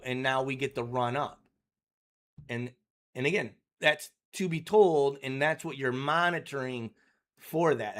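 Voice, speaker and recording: A man giving casual day-trading commentary over charts, rambling and filling his talk with "you know" and "right?", often clearing his throat. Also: medium pitch, a bit bright.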